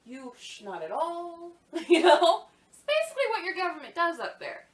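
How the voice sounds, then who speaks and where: High, animated woman ranting. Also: normal speed, echoey room. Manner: profane, mocking, heated. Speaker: podcast co-host. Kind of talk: ranting commentary.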